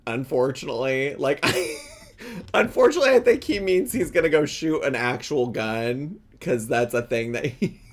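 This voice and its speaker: A man giving casual reaction commentary, giggly, sarcastic and rambling. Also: a little high.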